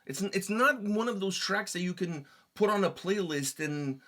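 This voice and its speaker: A man's voice: high voice, lively intonation, moderate pace, bright, forceful tone. A man co-hosting a music reaction video, talking casually and animatedly, with many fillers and repeated phrases. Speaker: reaction channel co-host.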